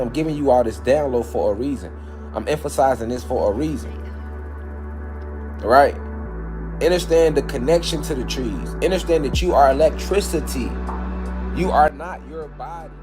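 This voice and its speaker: Preachy man over soft background music. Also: on the high side. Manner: preachy, repeats phrases, addresses listeners as family. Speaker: spiritual talk host. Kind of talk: casual spiritual lecture.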